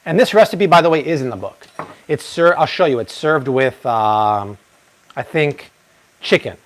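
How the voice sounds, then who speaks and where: A man in his thirties hosting a live-stream cooking demo, chatty and energetic, now and then slipping into playful broken Spanish. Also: mid-range voice, normal speed. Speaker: cooking show host.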